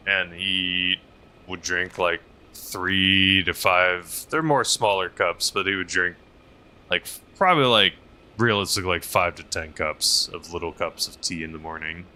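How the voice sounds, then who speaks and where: A game streamer who is also a helicopter pilot chats casually on his livestream, rambling with lots of fillers and reading chat messages aloud. His voice is low-pitched, with a bright, forceful tone.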